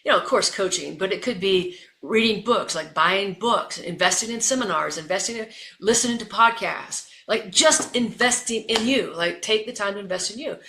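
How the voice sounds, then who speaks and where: A woman's voice: mid-range voice, moderate pace, hardly any pauses, sharp tone, roomy sound, slight background noise. A woman leadership coach, a guest in an interview, talking with energy and repeating phrases for emphasis.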